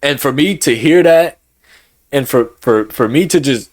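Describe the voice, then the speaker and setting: A man's voice: mid-range voice, expressive, a little slow. A young man speaking emotionally to his vlog audience, repeating himself, heated at times and close to tears at others. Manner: emotional, repetitive, swings between heated and subdued. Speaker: YouTuber.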